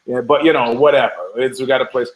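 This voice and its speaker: A man's voice: medium pitch, steady tone, fast, natural voice, rough recording. Man voicing a tenant, anxious, apologetic, placating, pleading.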